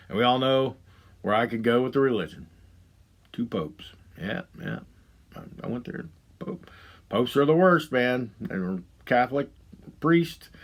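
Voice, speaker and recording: A man hosting a podcast, delivering a profane, heated monologue that swings between loud outbursts and low muttering. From Ohio. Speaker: podcast host. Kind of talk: angry ranting monologue.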